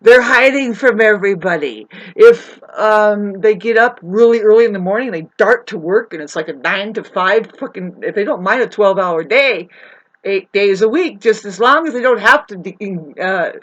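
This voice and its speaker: A woman's voice: normal speed, muffled recording. Woman ranting profanely, rambling to camera. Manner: profane, rambling, swings between loud rants and low mutters. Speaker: astrology vlogger. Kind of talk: rambling spiritual monologue.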